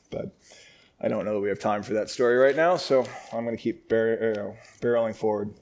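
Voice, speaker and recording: A man's voice: on the low side, moderate pace, a little mellow. A man teaching a Bible passage in a casual, joking way, often laughing and acting out lines in a raised voice. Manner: jokey and conversational.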